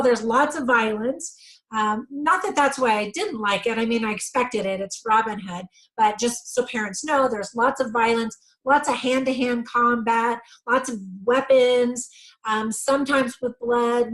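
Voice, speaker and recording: A woman's voice: fairly high pitch, a bit bright, low-quality recording. A middle-aged woman giving a casual movie review, chatty and full of ums, correcting herself as she goes.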